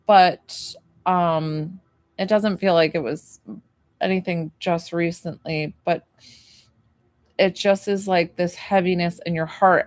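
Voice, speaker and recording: A woman's voice: on the low side, dry recording. Tentative, chatty woman medium. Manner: rambling and tentative, full of "like" and questions to the sitter; gently reassuring when she relays comfort. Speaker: psychic medium. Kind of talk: live spirit reading for a client.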